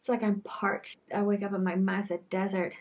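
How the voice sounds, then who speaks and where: A woman talks in a relaxed, chatty vlog at a mid pitch. She sounds short of breath and keeps apologizing, with sighs and small laughs between her words. The recording is a little dull and lo-fi. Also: fairly quick. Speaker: vlogger.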